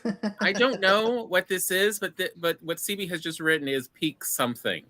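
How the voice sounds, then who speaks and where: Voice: medium pitch, moderate pace, pushed and bright, no echo. A co-host in a casual panel chat who reads out viewer comments and teases the others.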